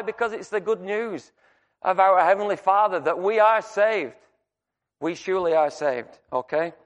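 A man preaching a sermon, emphatic and repeating his key phrases for the congregation. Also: a little high. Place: church. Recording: long reverb church hall.

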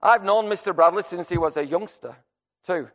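A man's voice: high voice, normal speed, fairly bright tone. A preacher reading as a blunt old woman witness. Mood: scolding. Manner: blunt, scolding. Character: blunt elderly woman witness, sharp-tongued. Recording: long reverb church hall.

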